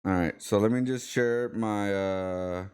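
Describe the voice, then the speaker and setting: This man speaks on the low side, smooth and a little mellow, at a measured pace. As host of a live-streamed artist podcast, he conducts a loose, casual interview riddled with fillers and restarted sentences.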